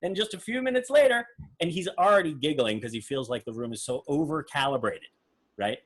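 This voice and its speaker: A man's voice: fairly high pitch, fairly quick. A man hosting a casual reaction commentary on a magic act, rambling and acting out quotes with fillers. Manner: animated, rambling, acts out quotes. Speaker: magician host reviewing a performance.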